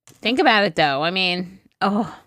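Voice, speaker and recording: A woman co-hosting a casual podcast, reacting to stories with animated comments and frequent laughter. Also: medium pitch, unhurried, no room sound, clean studio sound. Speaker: podcast co-host.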